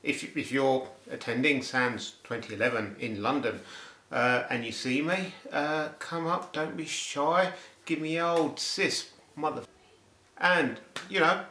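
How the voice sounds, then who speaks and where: Brief: male vlogger, fairly high voice, jokey and playful, roomy recording. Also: steady tone, unhurried, sharp tone. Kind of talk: casual video blog. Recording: roomy echo.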